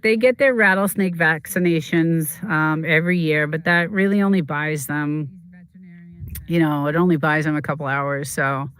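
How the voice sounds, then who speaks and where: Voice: medium pitch, clear, resonant tone. A streamer talking in a rambling, emotional way, full of fillers and restarts, in casual chat from a desert home.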